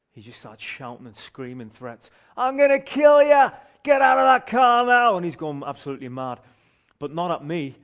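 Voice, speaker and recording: A man, a street pastor telling a story from the pulpit in an animated way, often restarting his phrases. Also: medium pitch. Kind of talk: sermon testimony storytelling.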